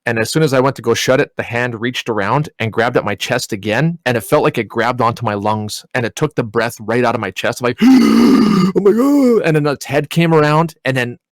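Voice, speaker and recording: Young male podcast host, animated storyteller, mid-range voice, dry close mic. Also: mid-range voice, a little fast, few pauses, no room sound. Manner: animated, swearing, laughing retelling. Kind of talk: casual storytelling.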